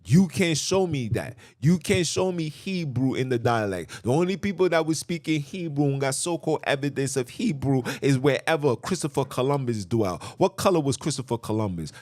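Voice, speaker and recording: Brief: male podcast host, impassioned monologue, swooping pitch, dry close sound, repeats for emphasis. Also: moderate pace, no room sound. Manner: animated, preachy, repeats himself for emphasis.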